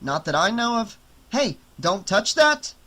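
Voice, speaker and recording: A man reading an audiobook, voicing an excitable teenage boy who talks in easy, gushing slang. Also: sits high, measured pace, voice pushed up, heavily acted. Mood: excited. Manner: laid-back, gushing slang. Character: excitable slacker teen boy.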